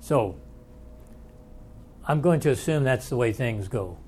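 A man's voice: mid-range voice, expressive, measured pace, darkish tone, slight background noise. A man teaching a Bible study lecture in a folksy, conversational way, thinking aloud and inviting questions from the class.

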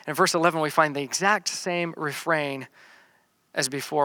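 A man preaching a sermon, reading scripture verses slowly and then explaining them in plain talk, often repeating words as he restarts. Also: a little high, fairly even intonation, pushed and bright, no room sound. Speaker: pastor. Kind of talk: sermon teaching through a psalm.

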